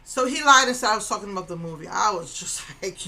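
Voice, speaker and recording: A woman's voice: medium pitch, animated, quick pace, bright, forceful tone, rough recording. A middle-aged woman casually recounting a confrontation, indignant, repeating herself and acting out what others said. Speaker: vlogger recounting an incident. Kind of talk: casual storytelling to camera.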